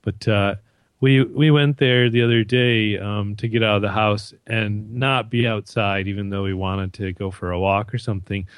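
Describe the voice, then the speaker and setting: A man's voice: lowish voice, flat delivery, moderate pace, smooth, no echo, studio quality. A Canadian man co-hosting a podcast, rambling and joking with lots of fillers and restarts. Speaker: podcast co-host. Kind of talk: casual chat.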